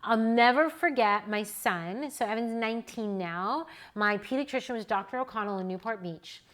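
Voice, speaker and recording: A woman in her forties, a newborn photographer and educator, telling animated personal stories to an audience in a casual way. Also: on the high side, moderate pace. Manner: animated, chatty, personal anecdotes. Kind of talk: casual storytelling to a live audience.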